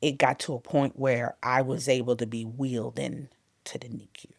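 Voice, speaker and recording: A woman as an interview guest, telling a personal testimony with emotion, her voice swinging between loud and hushed. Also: extremely low pitch, flat delivery, moderate pace, creaky, no room sound, clean studio sound.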